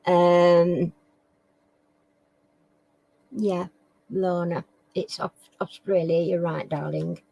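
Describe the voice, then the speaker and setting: A woman's voice: fairly low pitch, flat delivery, extremely slow, gravelly, pauses often, dark tone, highs cut off. A woman hosts a casual live quiz. She reads questions aloud, stumbles over words, and chats with viewers by name. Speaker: live stream quiz host.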